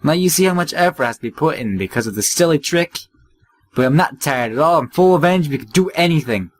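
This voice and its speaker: A man's voice: a little high, lively intonation, fast talker. A man voicing a bratty, irritable teenage girl prankster in a raised, teasing voice. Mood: boastful.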